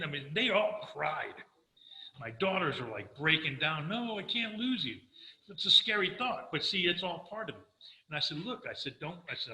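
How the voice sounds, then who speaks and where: Older guy sharing his recovery story, bright punchy voice, lots of echo around him. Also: on the high side. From Florida. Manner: earnest storytelling, quoting himself, animated. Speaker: recovery speaker. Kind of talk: personal testimony talk.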